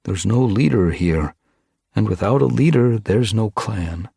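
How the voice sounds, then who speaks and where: A nervous, gloomy tom cat warrior who fears for his clan, as a man puts him on. The voice is lifted above the reader's own low, gravelly register, with lively swings in pitch and a husky grain. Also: unhurried, no echo, studio quality, exaggerated voice. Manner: anxious and pleading, pitch raised.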